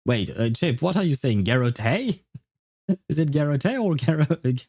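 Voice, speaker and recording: A man's voice: fairly high pitch, very animated, a little slow, darkish tone, no room sound. A young man with a French accent, a French speaker chatting casually while streaming a game, rambling, correcting himself and laughing often. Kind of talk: casual livestream chat.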